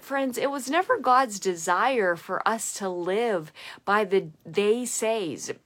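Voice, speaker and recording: A young adult woman giving an earnest, emphatic devotional reflection that speeds up and slows down. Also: mid-range voice, a bit bright. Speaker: devotional podcaster.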